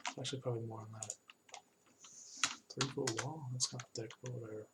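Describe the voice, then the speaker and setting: A man chatting casually while he animates on a live stream, halting often with fillers and restarts. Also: medium pitch, steady tone, heavy background noise. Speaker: animator streaming his work.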